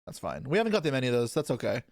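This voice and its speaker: A man's voice: mid-range voice, wildly swooping pitch, racing, a little mellow, no room sound, studio quality. A young man chatting casually on a live stream, answering his chat aloud while opening card packs, with offhand swearing. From Canada.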